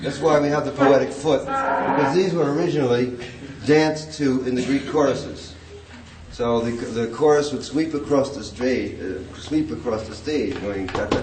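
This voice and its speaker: A man gives a poetry lecture in a classroom, tapping out meters by chanting them in nonsense syllables and chuckling along the way. His voice sits at an ordinary middle pitch. It was caught from a distance in an echoing room, with clear tape noise under it. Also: normal speed. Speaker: poetry teacher. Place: classroom with a blackboard. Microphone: distant room recording. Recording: echoey classroom, distant mic, noisy tape.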